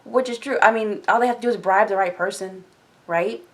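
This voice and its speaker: A woman's voice: medium pitch, brisk. Chatty woman recapping a book. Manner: chatty, heavy use of filler words. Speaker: book discussion vlogger.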